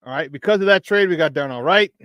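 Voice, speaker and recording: Male morning sports talk host, hypey, slightly high voice. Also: fast, clear, resonant tone, no echo, highs cut off. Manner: animated, hypey, laughs often.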